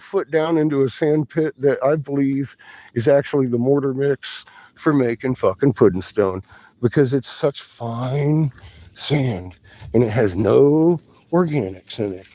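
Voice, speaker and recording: A man excitedly commenting on his finds in a dug pit outdoors, rambling and swearing as he goes. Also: mid-range voice, unhurried, rough recording. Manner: profane, rambling, bursts of excitement. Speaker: amateur researcher vlogging a dig.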